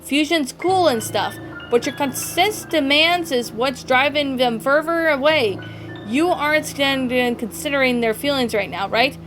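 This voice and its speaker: Firm, protective female gem, woman doing the voice, raised pitch, soft music behind. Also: measured pace. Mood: stern. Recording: faint background music.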